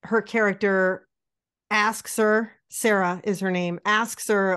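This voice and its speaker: A woman's voice: mid-range voice, fairly even intonation, takes it slowly, a bit bright, clean tone, dry recording, clean studio sound. Chatty sarcastic woman co-host. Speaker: podcast co-host. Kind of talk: casual film discussion.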